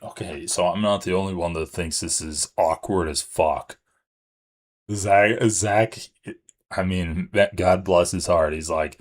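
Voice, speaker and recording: Low-pitched male streamer, sarcastic and incredulous, casual commentary. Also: fairly even intonation, a little slow. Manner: incredulous, sarcastic, swears freely. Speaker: streamer reacting to a podcast clip.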